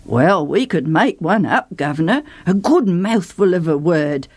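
A woman storyteller voicing an eager, excitable male adviser who giggles as he talks. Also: on the low side, a little slow, no room sound. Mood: excited.

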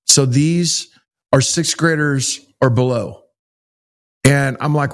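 A man's voice: medium pitch, slow pace. A middle-aged man from Texas, telling stories in an interview and acting out the dialogue. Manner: animated storyteller, acts out quoted dialogue. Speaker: child rescue organization founder. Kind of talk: storytelling in an interview.

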